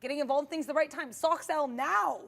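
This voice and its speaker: A woman's voice: sits high, fairly quick, gravelly, fairly bright tone. A woman co-hosting a live trading stream, talking candidly and chattily with playful bursts. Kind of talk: live market commentary.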